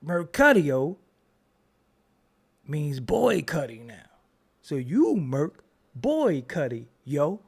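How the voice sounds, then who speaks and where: A man's voice: a little high, big pitch swings, extremely slow, vocal fry, long pauses, slightly rough. A man hosting his own show, doing livestream roast commentary in a mock-outraged, teasing way. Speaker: show host.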